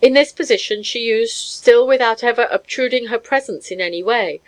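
A woman reading a story aloud as an audiobook narrator, measured and even. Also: a little high, low-quality recording. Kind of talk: scripted narration.

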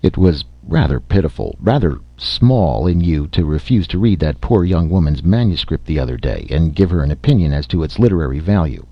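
A man's voice: a bass voice, sing-song, a little fast, hardly any pauses, no echo, heavily acted. A man voicing an insolent, sneering male dwarf who talks in an elaborate mocking drawl. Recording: slightly muffled lo-fi recording.

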